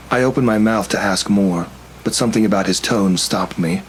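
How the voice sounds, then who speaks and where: A man narrating a first-person horror story in a steady, tense storytelling manner. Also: fairly low pitch, moderate pace, slight background noise, rough recording.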